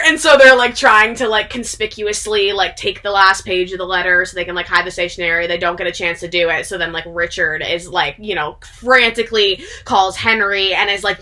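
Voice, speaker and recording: A woman's voice: mid-range voice, moderate pace, pushed and bright. A woman vlogger retelling a story to a friend in casual chat, rambling with lots of "like" and breaking into laughter. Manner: rambling, heavy use of "like", bursts of laughter.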